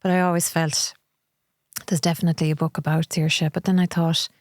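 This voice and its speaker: A middle-aged Irish woman talks through her experiences in a candid, reflective way. Her voice sits a little low for a woman, and the recording is close and dry. She now and then acts out what other people say to her. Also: flat delivery, fairly quick, darkish tone, no room sound. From Ireland. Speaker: podcast guest. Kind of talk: conversational interview.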